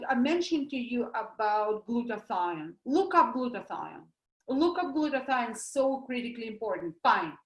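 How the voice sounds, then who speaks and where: A woman with a Russian accent gives a lively talk as a doctor, asking questions and answering them herself with homely comparisons. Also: fairly high pitch, roomy sound, low-quality recording. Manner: animated, uses homely comparisons, asks and answers her own questions. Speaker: doctor promoting supplements.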